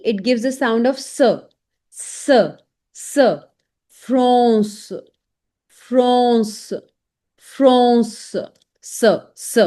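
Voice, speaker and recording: A woman gives an online French lesson in English, speaking slowly and repeating each example word several times. Her voice is a little high and mellow.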